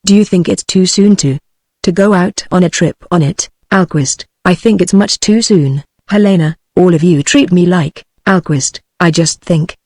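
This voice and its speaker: A text-to-speech voice of a woman with a British English accent, reading a stage play aloud in one even voice, speaker names and stage directions included. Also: fairly low pitch, normal speed, dry recording, studio quality. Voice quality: even synthetic delivery with no change between characters.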